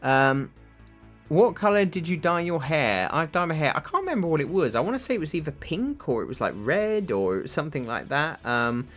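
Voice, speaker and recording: A man's voice: a little high, fairly bright tone. A British man hosting a livestream, chatting casually with viewers and answering their questions in a rambling, self-deprecating way full of fillers. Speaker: livestream host.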